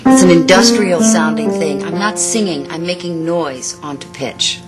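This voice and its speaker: A woman's voice: deep voice, over loud music. A woman vocal coach giving a lesson, explaining and demonstrating sounds and praising her student in short bursts. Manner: instructive, demonstrates sounds, gives quick praise.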